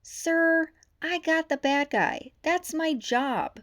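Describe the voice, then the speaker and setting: An eager young female rabbit cop from a storybook, as a woman reads her. She sits well above the reader's own pitch and pushes her lines out loud and keen. She is earnest and stubborn. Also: slow pace. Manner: loud, excited shouting.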